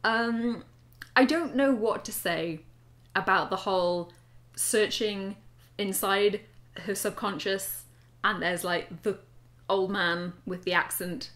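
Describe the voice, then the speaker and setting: Young woman vlogger, self-mocking and wry, mid-pitch voice, casual reading with quips. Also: slow, a bit bright. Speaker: vlogger reading her old writing. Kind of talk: casual vlog commentary.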